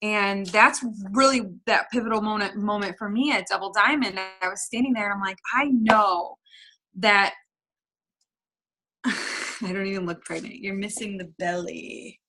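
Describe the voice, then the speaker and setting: A woman's voice: medium pitch, moderate pace, sharp tone. A young woman coaching her team on a video call, with an emphatic, repetitive motivational style. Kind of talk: motivational pep talk.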